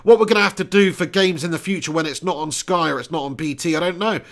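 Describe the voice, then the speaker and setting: رجل بلهجة جنوب إنجلترا، صوت عالٍ نسبياً. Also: male voice, on the high side, fast. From Dorset, England. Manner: casual, chatty, swears freely. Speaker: football watch-along host. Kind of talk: live-stream commentary and chat.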